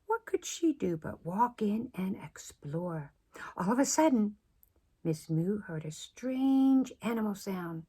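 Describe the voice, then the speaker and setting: A woman preschool teacher reading a picture book aloud to children, expressive and often dropping to a whisper. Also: medium pitch, takes it slowly, breathy edge.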